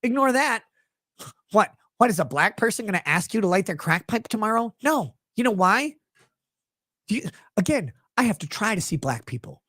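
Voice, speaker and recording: A man's voice: high-pitched, big pitch swings, normal speed, no room sound. Furious ranting man, dry close sound. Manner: angry, mocking, swinging between shouting and muttering. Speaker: host reacting to clips. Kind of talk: profane reaction rant.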